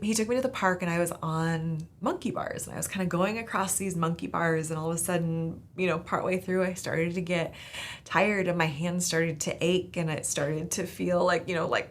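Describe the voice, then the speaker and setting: A woman's voice: lowish voice, gravelly. A woman from Southern California, a podcast host, telling an earnest faith testimony in a casual, searching way. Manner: casual, earnest, many "like" fillers.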